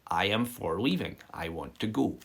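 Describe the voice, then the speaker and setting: A man teaching an informal live-streamed language lesson, chatty and explanatory, often checking in with "okay?" and filling pauses with "um". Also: low-pitched, animated, vocal fry, fairly bright tone, slightly rough. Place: home setup for a live stream. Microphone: phone or built-in mic.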